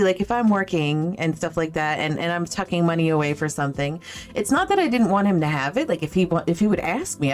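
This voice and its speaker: A woman game streamer in a rambling casual chat with her viewers, swearing freely and telling stories between greetings. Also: lowish voice.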